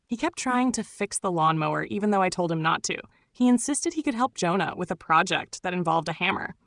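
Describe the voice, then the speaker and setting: A woman narrating a first-person story in a measured, steady way. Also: lowish voice, dry recording.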